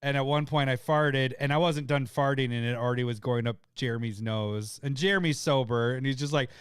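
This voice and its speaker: Guy on a podcast telling a funny story, laughs a lot, smooth clear voice, dry close sound. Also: mid-range voice, brisk, dry recording. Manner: laughing, animated storyteller who shouts impressions of friends. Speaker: podcast co-host. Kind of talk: casual chat, storytelling.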